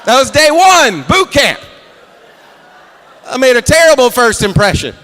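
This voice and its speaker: A man doing a stand-up set on stage, telling an animated story and acting out other people. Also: extremely high pitch, measured pace. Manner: animated storytelling, acts out drill instructor. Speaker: stand-up comedian. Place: comedy stage before a live audience.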